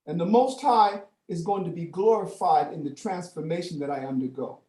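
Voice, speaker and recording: An older man teaching scripture in a classroom, animated, with frequent profanity and street slang. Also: fairly high pitch, normal speed, roomy sound.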